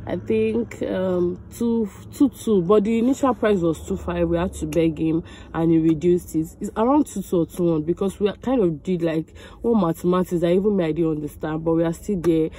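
A woman's voice: lowish voice, warm tone, a little hiss or hum. A young Nigerian woman with a Nigerian accent, chatting to her phone camera in a casual vlog, effusive and grateful. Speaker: vlogger.

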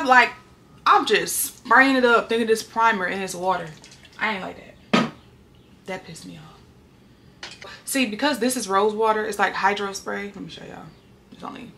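A woman's voice: medium pitch, creaky, fairly bright tone, a little hiss or hum. Chatty woman in an echoey room. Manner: chatty, candid, talks to viewers. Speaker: vlogger. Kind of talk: casual vlog chat. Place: at home, roomy indoor space. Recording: echoey room, distant mic.

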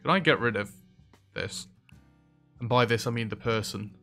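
A man giving casual, chatty commentary as he plays a restaurant sim, reacting loudly to what happens in the game. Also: medium pitch, normal speed. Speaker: let's play host. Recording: faint background music.

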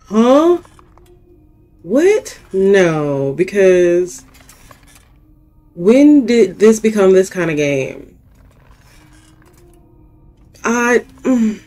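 A young woman playing through a horror game, chatting to herself and her viewers in an unhurried, drawn-out way. She pokes fun at her own mistakes and talks straight back to the characters on screen. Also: medium pitch, lively intonation, dark tone, soft background music. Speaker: gaming youtuber. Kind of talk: casual let's-play commentary.

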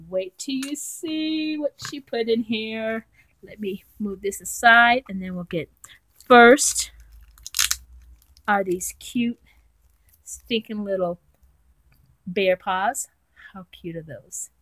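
A woman's voice: medium pitch, takes it slowly, long pauses, a bit bright, rough recording. A woman vlogger chatting casually as she unboxes craft supplies, gushing and talking to her viewers. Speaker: craft vlogger reviewing a swap.

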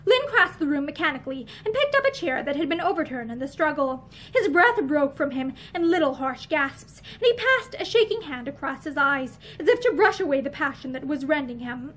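A woman's voice: high-pitched, expressive, brisk, few pauses, fairly bright tone, slight background noise. A woman reading a novel aloud, giving the dialogue some character, seated in a room lined with bookshelves. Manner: reads with dialogue voiced in character. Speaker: audiobook reader.

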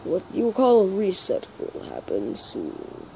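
Woman doing a low, solemn fire-elemental bartender. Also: wildly swooping pitch, warm tone, a little hiss or hum, full character voice, low-quality recording. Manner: slow, solemn delivery.

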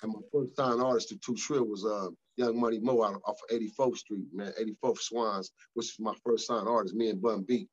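A man's voice: lowish voice, a little fast, hardly any pauses, slightly rough, lo-fi sound. A middle-aged man telling stories in a casual interview, profane and emphatic. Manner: profane, emphatic, animated storytelling. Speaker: guest.

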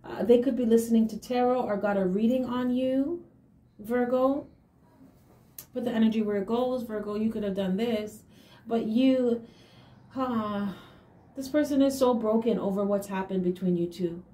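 Higher-pitched woman giving a tarot reading. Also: moderate pace, dark tone. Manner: emphatic, affirming asides, hums and laughs. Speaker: tarot reader. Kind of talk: casual tarot reading to camera. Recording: echoey room with faint hiss.

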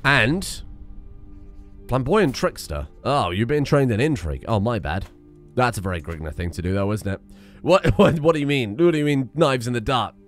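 A young man commenting on a strategy game he is playing, reading the game's text aloud with excitable, wry asides. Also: medium pitch, normal speed, soft background music. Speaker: gaming video host. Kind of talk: let's play commentary.

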